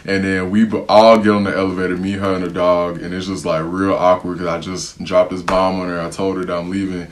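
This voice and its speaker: A young man with an American accent and a very deep, low voice tells a story straight to the camera. He talks casually and uses a lot of slang, and he acts out the lines of the people in the story. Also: brisk, few pauses. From United States. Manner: animated, slangy, acts out what others said. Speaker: vlogger telling a travel story.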